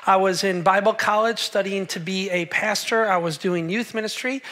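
A man's voice: high voice, fairly even intonation, moderate pace, sharp tone. A man in his forties, a pastor giving a sermon in a church hall, telling a personal story with humor and speaking to the congregation. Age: 40s.

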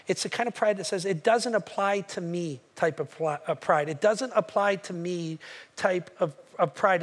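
Pastor guy preaching in church, pretty high voice, chatty, keeps asking the room "right?". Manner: conversational preaching, checks in with listeners with "right?". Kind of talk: sermon. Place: church sanctuary.

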